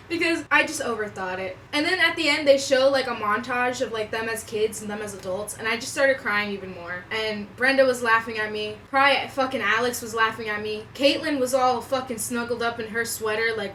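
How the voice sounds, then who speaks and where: A young woman vlogger telling a story in a casual, profane, animated way, with lots of slang. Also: on the high side, brisk, hardly any pauses, recorded from a distance, poor audio. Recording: voice a bit off-mic with faint room noise.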